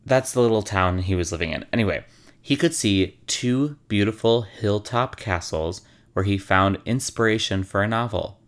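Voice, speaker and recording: Deep-voiced, wry male storyteller. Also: normal speed. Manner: wry and sarcastic, swears casually. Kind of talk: casual storytelling.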